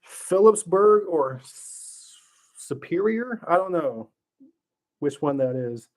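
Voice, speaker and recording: A man's voice: on the high side, animated, takes it slowly. A middle-aged man answering viewer questions on a casual livestream, thinking aloud with fillers and restarts. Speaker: livestream host. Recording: slightly dull lo-fi stream audio.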